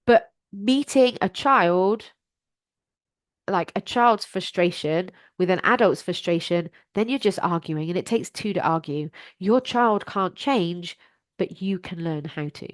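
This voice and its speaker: A woman's voice: on the low side, measured pace, no echo. Earnest woman podcast host, dry close sound. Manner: earnest, encouraging, direct. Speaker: life coach and podcast host. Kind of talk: solo podcast advice talk.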